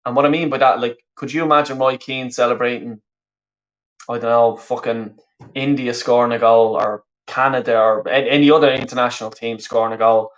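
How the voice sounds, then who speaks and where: A man's voice: medium pitch, fairly even intonation, fairly quick, muffled recording. A man with a Dublin Irish accent, originally from the west of Ireland, chatting casually and swearing freely while commentating live on a football match and reading out viewers' comments. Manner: chatty, rambling, frequent swearing and restarts. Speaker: football watch-along streamer. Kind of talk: live watch-along commentary.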